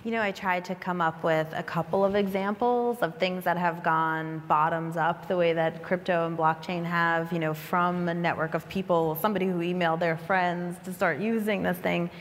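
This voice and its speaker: A woman moderating a conference panel, asking measured, thoughtful questions. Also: fairly low pitch, steady tone, big-room sound. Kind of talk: panel discussion. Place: conference stage.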